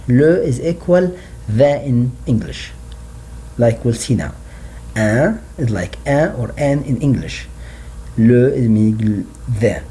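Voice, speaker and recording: A man teaching slow classroom French lesson. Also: mid-range voice, expressive, mellow, slight background noise. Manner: slow, repeats words for learners.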